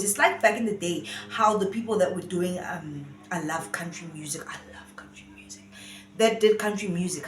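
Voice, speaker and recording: A woman's voice: mid-range voice, fairly bright tone. Woman musing in an echoey room. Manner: earnest, musing, rambling. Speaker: vlogger. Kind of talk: casual opinion commentary. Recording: roomy echo.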